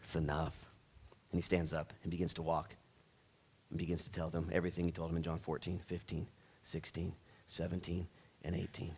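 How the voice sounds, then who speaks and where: A man with a fairly low voice preaching in church. He talks casually, with folksy asides and restarts. He builds from soft reflection into fervent, loud calls to action. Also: completely flat delivery, brisk, creaky, breathy edge. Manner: fervent, swings from quiet reflection to loud rallying. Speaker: pastor. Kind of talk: sermon.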